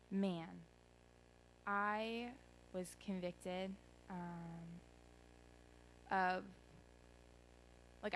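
A woman's voice: fairly low pitch, slight background noise, poor audio. A young woman giving an earnest, rambling personal testimony at a church gathering, full of ums and restarts. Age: young adult.

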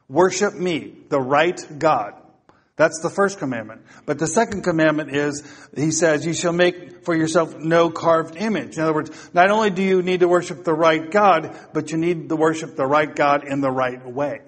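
A man's voice: on the high side, normal speed. A man preaching a topical sermon, talking casually to his congregation and then reading psalms aloud with rising emphasis.

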